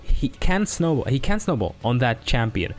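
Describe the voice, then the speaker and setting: A man's voice: medium pitch, sing-song, moderate pace. Man casting an esports match. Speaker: esports caster.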